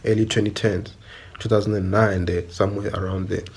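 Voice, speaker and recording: A man's voice: lowish voice, little pitch movement, fairly quick, darkish tone, slightly rough. A young man with a South African accent, giving an emphatic opinion monologue full of repetition and rhetorical questions.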